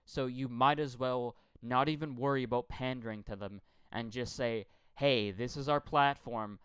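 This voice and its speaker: A man's voice: mid-range voice, fairly even intonation, normal speed, a bit bright, smooth, no echo. A man from Quebec delivering a heated political rant, blunt and profane, often repeating words as he gets worked up. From Quebec, Canada. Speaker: political commentator.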